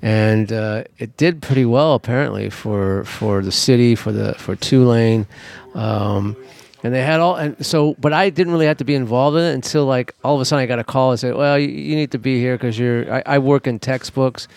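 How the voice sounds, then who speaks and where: A man co-hosting a podcast, telling stories in a casual, animated way and swearing freely. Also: mid-range voice, normal speed, gravelly. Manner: profane, animated, laughing while telling stories. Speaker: podcast co-host. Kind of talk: casual storytelling chat.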